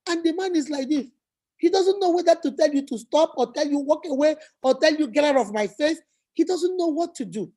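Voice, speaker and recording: A woman hosts a motivational vlog in a very high, mellow voice. She talks emphatically and preachily, and she drives her advice home by repeating it. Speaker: host.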